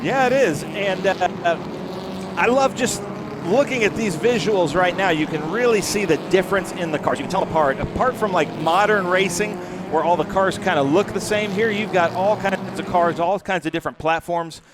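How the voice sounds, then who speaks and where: Male race commentator, high-pitched, chatty and enthusiastic, with loud trackside car noise behind. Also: moderate pace. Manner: enthusiastic, chatty, admires the cars. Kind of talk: live motorsport commentary. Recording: noisy trackside with engine sound.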